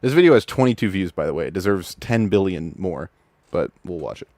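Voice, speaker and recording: A man hosting a live stream, chatting casually with viewers, excitable and stammering, swearing freely. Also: deep voice, brisk, slight background noise. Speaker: streamer host judging videos.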